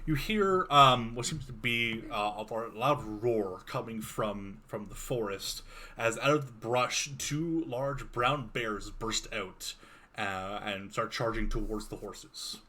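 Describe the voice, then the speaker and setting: A man narrating a tabletop game as game master, relaxed and hesitant, with many pauses and fillers. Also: medium pitch.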